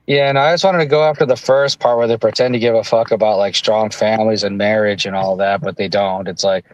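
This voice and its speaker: A man's voice: fairly low pitch, fairly even intonation, brisk, low-quality recording. A man co-hosting a livestream in casual, opinionated chat. He talks bluntly and sarcastically, and often restarts his sentences. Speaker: livestream co-host.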